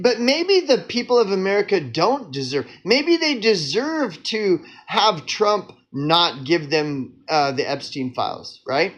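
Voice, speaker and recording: A man's voice: high-pitched, a bit bright. A man giving a heated solo political rant, sarcastic and mocking, full of rhetorical questions and restarts. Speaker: political commentator. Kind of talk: ranting solo commentary.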